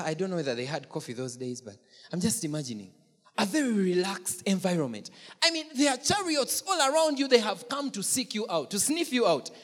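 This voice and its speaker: Brief: preacher, husky, very expressive pitch, playful and questioning, reverberant hall. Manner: animated, asks the congregation questions, jokes and laughs. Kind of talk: sermon. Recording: long church-hall reverb.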